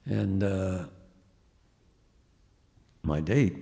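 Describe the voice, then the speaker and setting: An older man from the Bronx, an animated storyteller at a live book talk. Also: lowish voice, moderate pace, gravelly. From the Bronx, New York. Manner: animated storyteller who acts out voices. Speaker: guest musician and author. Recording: reverberant hall.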